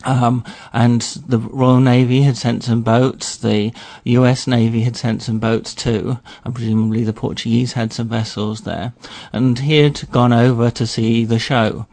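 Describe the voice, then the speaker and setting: A man, a regular history guest on a radio show, telling a story in a relaxed way with wry asides. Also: mid-range voice, unhurried, vocal fry, few pauses, no room sound. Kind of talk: storytelling chat.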